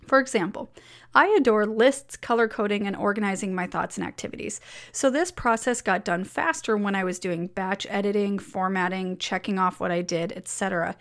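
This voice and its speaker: A woman's voice: mid-range voice, normal speed, a bit bright. A woman reading her weekly blog memo aloud as a personal letter, upbeat and encouraging.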